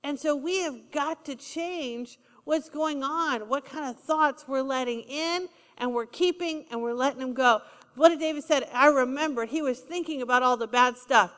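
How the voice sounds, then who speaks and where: A woman's voice: high-pitched, moderate pace, fairly bright tone, in a large hall. A woman preaching a sermon, emphatic and repetitive, asking the congregation for responses. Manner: emphatic, repeats key lines, asks the congregation for responses.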